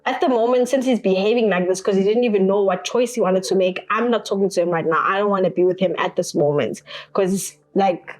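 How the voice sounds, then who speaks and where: A woman's voice: medium pitch, fairly quick. A young woman tells a personal story as an interview guest, acting out the other people's lines as she goes.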